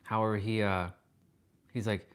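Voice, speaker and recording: A man's voice: fairly low pitch, flat delivery, moderate pace, smooth. A man hosting a casual livestream, telling a story animatedly and answering viewer comments. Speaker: livestream host.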